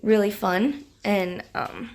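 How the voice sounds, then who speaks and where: A woman's voice: mid-range voice, lively intonation, slow, vocal fry. Chatty giggly young woman vlogger. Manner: chatty, giggly, lots of fillers. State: morning voice. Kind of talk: casual vlog chat.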